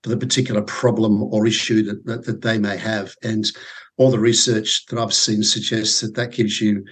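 A man's voice: lowish voice, flat delivery, moderate pace, husky. A man in his forties with an Australian accent, a guest on an interview podcast, talking things through with many fillers and repeated words. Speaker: podcast guest, sales consultant. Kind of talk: casual interview chat.

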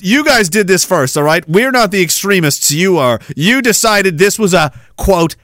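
A man's voice: sits high, bright, forceful tone, no echo, clean studio sound. A man hosting a livestream podcast, ranting sarcastically, laughing at his own riffs and reading chat comments aloud. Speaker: podcast host.

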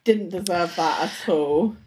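A woman's voice: lowish voice, unhurried, a little mellow, breathy edge. A woman co-host chiming in with enthusiastic short reactions in a casual chat.

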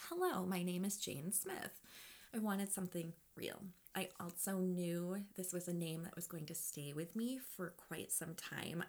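A woman hosting a podcast, telling a personal story in a chatty, confiding way, with playful asides and soft whispered moments. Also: mid-range voice. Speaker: podcast host.

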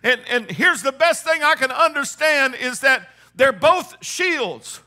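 An older man preaching a sermon, fervent, swinging from shouted peaks to hushed low passages and repeating phrases for emphasis. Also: expressive, takes it slowly, hardly any pauses. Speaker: pastor.

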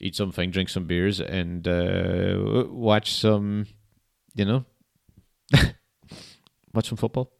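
A man's voice: low voice, little pitch movement, takes it slowly, creaky, long pauses. A young man hosting a podcast, chatting casually in a rambling, laid-back way and swearing often. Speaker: podcast host. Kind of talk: casual solo chat.

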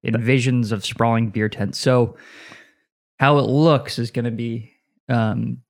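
A man's voice: mid-range voice, fairly even intonation, unhurried, vocal fry. A man co-hosting a podcast in casual chat, with a dry, wry way of talking. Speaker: podcast co-host.

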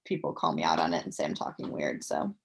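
A woman's voice: a bass voice, sing-song, fast, vocal fry. A young woman in her twenties, chatting as a guest in an interview, upbeat with lots of fillers. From United States. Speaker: guest, professional athlete. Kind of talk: casual interview chat.

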